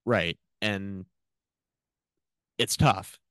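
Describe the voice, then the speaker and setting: A man's voice: low voice, very slow, a bit bright, smooth, no room sound, studio quality. A man co-hosting a casual sports podcast in a wry, matter-of-fact way. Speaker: podcast co-host.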